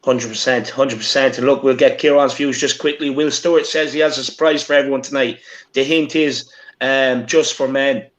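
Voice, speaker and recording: A man with an Irish accent hosting a casual fan live stream, upbeat and shouting out viewers. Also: medium pitch, steady tone, normal speed. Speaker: stream host. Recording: dull lo-fi stream audio.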